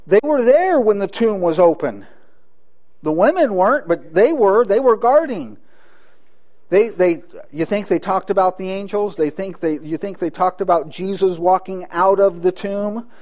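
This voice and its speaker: A man's voice: sits high, expressive, normal speed, darkish tone. A man preaching a sermon, earnest, with frequent restarts and rhetorical questions to the congregation. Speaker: pastor.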